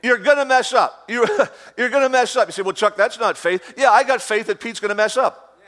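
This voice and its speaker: A man's voice: sits high, a little fast, a bit bright. A man preaching a sermon, emphatic and repetitive, mixing in humorous asides. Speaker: pastor.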